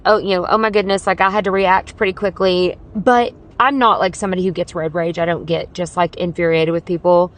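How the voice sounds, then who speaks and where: A woman hosting her own podcast, talking straight to the listener in a casual, chatty way. Her voice sits at an ordinary middle pitch. She tells her story earnestly and peppers it with "like.". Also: a bit bright. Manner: chatty and earnest, many "like" fillers. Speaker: podcast host. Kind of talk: scripted podcast intro.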